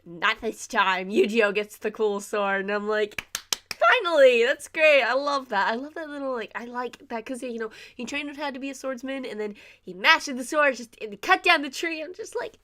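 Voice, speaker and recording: A young woman talks through an anime episode in a relaxed video review. Her voice sits fairly high and comes across bright and sharp. She sounds excitable and giggly, jumping into little acted-out reactions as she goes. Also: brisk, hardly any pauses. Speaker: anime reviewer, channel host.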